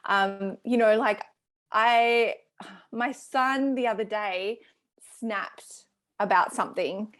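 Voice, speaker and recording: A woman in her thirties is a guest on a podcast and walks through her ideas in a thoughtful, easygoing way. Her pitch is middling, and her sentences are loose and full of casual fillers. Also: slow pace, fairly bright tone. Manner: thoughtful, explains with many fillers. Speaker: podcast guest, health expert. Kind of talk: casual explanatory chat.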